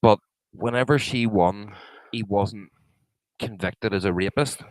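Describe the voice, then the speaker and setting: A man's voice: on the low side, a little slow, a little mellow, no echo, low-quality recording. A man co-hosting a podcast, arguing his point in casual, sweary chat. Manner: argumentative, sweary, hesitant restarts. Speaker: podcast co-host.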